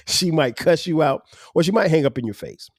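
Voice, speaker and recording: A man in his forties hosting a podcast, telling relaxed stories with slang, frequent laughs and "um" pauses. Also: on the high side, no room sound, studio quality. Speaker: podcast host. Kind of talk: casual storytelling monologue.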